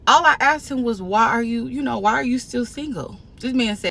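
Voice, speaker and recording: A woman's voice: fairly high pitch, lively intonation, moderate pace, vocal fry, hardly any pauses, pushed and bright, a little hiss or hum. A woman telling a first-date story in a casual, exasperated way.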